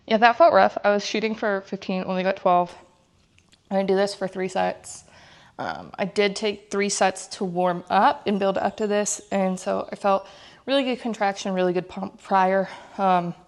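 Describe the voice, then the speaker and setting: A woman's voice: medium pitch, steady tone, moderate pace. Breathless young woman vlogging her workout. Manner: chatty, laughs often between sets. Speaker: fitness vlogger. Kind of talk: casual workout vlog. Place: home gym.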